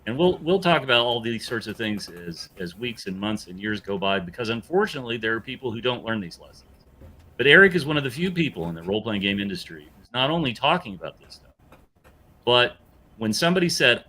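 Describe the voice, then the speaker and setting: A man's voice: medium pitch, big pitch swings, a little fast, bright, forceful tone. A man co-hosting a livestream, talking emphatically and persuasively. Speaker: co-host. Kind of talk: casual livestream chat.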